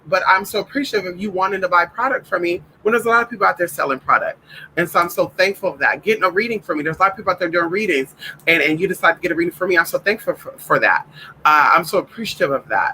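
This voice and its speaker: A man hosting a spiritual reading livestream, chatting with viewers in a gushing, repetitive way. His voice sits fairly high and sounds bright and forceful. He swears casually and calls everyone "honey.". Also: a little hiss or hum, rough recording.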